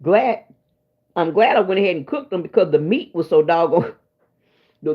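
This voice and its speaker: Her voice is lowish with lively intonation and normal speed as she hosts her own livestream. After a sleepless night she chats with viewers in a rambling, emotional manner, and the audio comes across dull and lo-fi.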